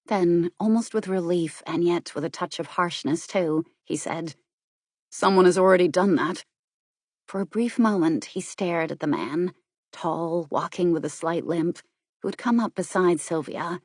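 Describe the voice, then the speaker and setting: A woman narrating an audiobook in a measured, even way. Her voice sits on the low side, and the recording is dry and close with no room sound. She reads at a steady, unhurried pace. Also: no room sound.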